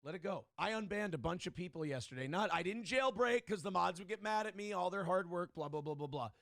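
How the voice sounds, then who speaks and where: A man's voice: high voice, animated, fairly quick, vocal fry, a bit bright, no room sound, clean studio sound. A man hosting a livestream, talking casually and rambling, who often restarts his sentences and mimics other people mockingly. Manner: rambling, with frequent restarts and mocking quoted voices. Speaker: livestream host.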